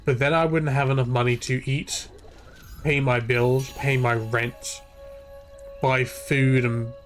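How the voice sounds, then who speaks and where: A man's voice: mid-range voice, little pitch movement, slow pace, faint music behind. A young man ranting and swearing freely while streaming a game, rambling from point to point. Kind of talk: ranting live gameplay commentary.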